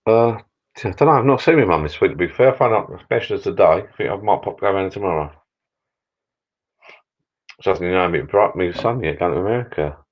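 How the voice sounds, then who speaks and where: Man, middle-aged, very low voice, rambling jokey live-stream host, dull lo-fi sound. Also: lively intonation, brisk, long pauses. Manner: rambling, jokey, repeats words. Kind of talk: casual live stream chat. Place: backyard garden bar shed.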